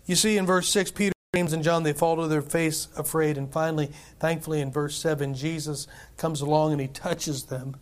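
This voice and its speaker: A man preaching a sermon, reading scripture aloud and chuckling between points, with animated delivery. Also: on the high side, normal speed, few pauses. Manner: animated preaching, chuckles, quotes scripture in King James English. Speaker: pastor.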